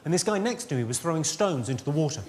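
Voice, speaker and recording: Deadpan high-voiced comic. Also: male voice, fast talker, a little hiss or hum. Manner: deadpan, crude one-liners, teasing the audience. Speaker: stand-up comedian. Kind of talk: stand-up routine. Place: live theatre stage before a laughing audience. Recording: loud audience laughter behind.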